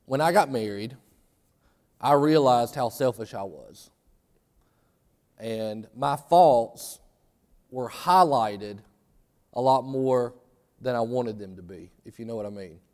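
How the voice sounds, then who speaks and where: A man preaching a sermon in a church, talking conversationally and getting animated for emphasis. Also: medium pitch, takes it slowly, long pauses, big-room sound. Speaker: pastor. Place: church sanctuary.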